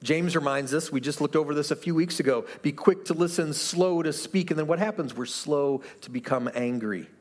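A man's voice: a little high, brisk, few pauses, a little mellow. A pastor giving an earnest, conversational sermon to his church, asking the room rhetorical questions. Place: church sanctuary.

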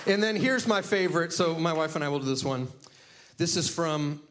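Upbeat higher-voiced pastor on stage. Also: male voice, expressive, moderate pace, a bit bright, slight background noise. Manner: upbeat, chatty, laughing often. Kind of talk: sermon opening with audience game. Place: church stage before a congregation. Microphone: handheld microphone.

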